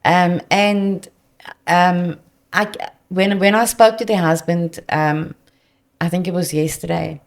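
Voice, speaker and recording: South african lady telling client stories, lowish voice, lots of fry. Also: slow pace. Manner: earnest, animated client anecdotes. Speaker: debt counsellor guest. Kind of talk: conversational storytelling.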